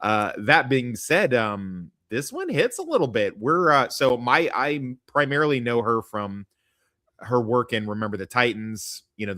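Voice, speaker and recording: A man's voice: on the low side, sharp tone, no echo, clean studio sound. A man hosting a podcast in casual, crude chat, rambling and joking at his own expense. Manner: rambling, self-deprecating, crude jokes. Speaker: podcast host.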